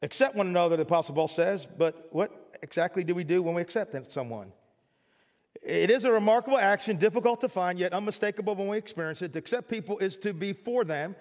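A man with a high voice preaches to his congregation in a loose, chatty way and acts out small everyday scenes for laughs. His words ring out with the long reverb of a church hall. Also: quick pace. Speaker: pastor. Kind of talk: sermon.

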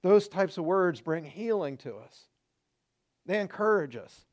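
A middle-aged man preaching a sermon as pastor, conversational and animated, acting out quoted remarks. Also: high-pitched, measured pace.

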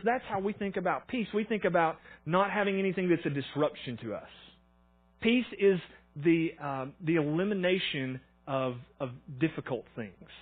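A man's voice: on the high side, husky. A man preaching a sermon in a church, telling stories in a chatty way and acting out his own thoughts. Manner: chatty storytelling with fillers and quoted inner thoughts. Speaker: pastor. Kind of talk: conversational sermon. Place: church auditorium. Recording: thin phone-like sound.

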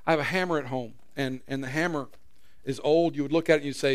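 A middle-aged man preaching a sermon as pastor, an earnest storyteller who swings from loud emphasis to quiet prayer. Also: mid-range voice, fairly even intonation, fast talker.

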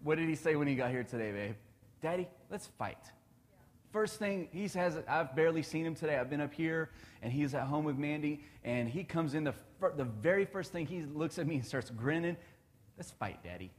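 A man's voice: a little high, fast, in a large hall. A man in his thirties giving a casual devotional talk, chatty and laughing often.

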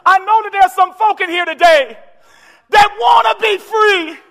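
A man preaching a sermon in a church, building to impassioned shouted climaxes. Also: very high voice, unhurried. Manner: impassioned, shouting climaxes with call-and-response urgency. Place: large church hall with congregation. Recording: echoey church hall with crowd.

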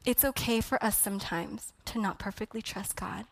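A woman preaching a sermon with passion, dropping to a hush and then building to loud emphasis. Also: medium pitch, moderate pace. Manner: impassioned, swinging from hushed to loud emphasis.

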